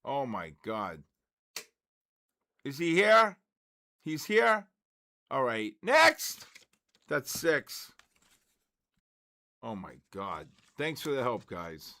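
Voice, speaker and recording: A man's voice: medium pitch, sing-song, drawn-out words, pauses often, pushed and bright. A man in his sixties hosting a trading livestream, joking and exasperated as he spells out viewer names letter by letter. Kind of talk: casual livestream chat, calling out viewer names.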